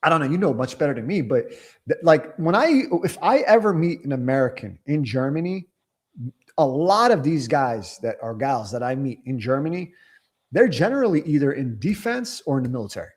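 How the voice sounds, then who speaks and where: A male podcast host chats casually, rambling and excitable, with many restarts and fillers. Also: medium pitch, moderate pace, breathy edge. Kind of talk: casual interview chat. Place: Germany.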